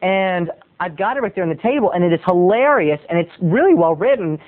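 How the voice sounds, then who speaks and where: A man, a video blogger, telling a story in a chatty, animated monologue from his bed at home. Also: high-pitched, a little fast. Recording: tinny phone-like sound.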